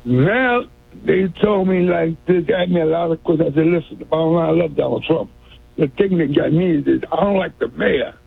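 Man, high gravelly voice, rambling caller, tinny phone line. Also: normal speed. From New York City. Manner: rambling, stammering, repeats himself. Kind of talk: rambling call-in story.

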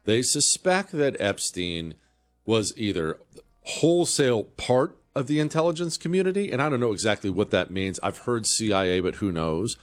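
Animated sarcastic male radio host. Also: on the low side, normal speed. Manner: animated, sarcastic, rhetorical questions. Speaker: radio talk show host. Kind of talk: opinionated talk radio monologue.

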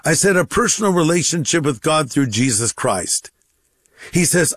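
A man who is a pastor, telling a lively first-person anecdote and acting out both sides of the dialogue. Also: on the high side, normal speed, husky, dry recording. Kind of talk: anecdote told on radio.

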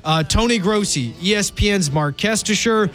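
A man hosting a sports talk radio show, talking in animated, exasperated banter with his co-hosts. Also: high voice, normal speed.

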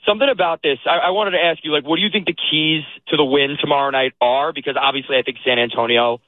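A man's voice: on the high side, steady tone, fast, no room sound. A man calling in to a sports radio show, eager and hesitant with many fillers, heard over a phone line. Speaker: caller. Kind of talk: call-in chat.

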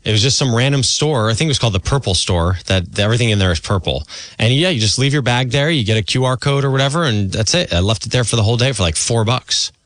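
A man hosting a casual interview, relaxed and asking short follow-up questions. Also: mid-range voice, fast, no echo. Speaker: radio show host.

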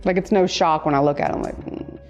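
Animated woman telling shop stories. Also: fast talker, soft background music. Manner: animated, laughing, jumps high when quoting people. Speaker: tattoo artist. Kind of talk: casual storytelling.

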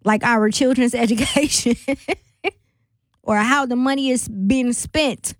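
A woman's voice: a little high, unhurried, no room sound. A woman hosting a radio talk show, chatting casually with laughing asides and rallying calls to her listeners. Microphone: studio microphone.

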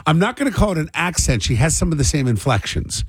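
A man's voice: on the high side, fast talker, slightly rough, no echo. A middle-aged man hosting a morning radio talk show, telling rambling stories and ranting. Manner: rambling, animated storyteller who rants. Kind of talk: morning radio banter and commentary.

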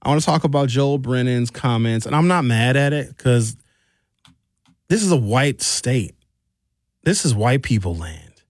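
A man with a Wisconsin accent hosting a radio talk show from a studio mic, telling stories in a joking, animated way. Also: mid-range voice, a little slow, pauses often, no room sound. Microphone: studio microphone.

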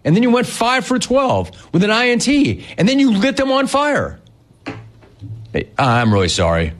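A man's voice: extremely high pitch, huge pitch swings, normal speed. A man hosting a sports talk show, ranting in a sarcastic, mocking, incredulous way. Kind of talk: opinionated sports rant.

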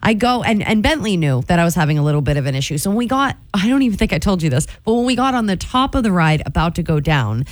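A woman's voice: on the low side, big pitch swings, quick pace, few pauses, no echo. A woman in her forties, a radio morning show host telling a story in a playful way and laughing often. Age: 40s. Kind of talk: casual storytelling chat.

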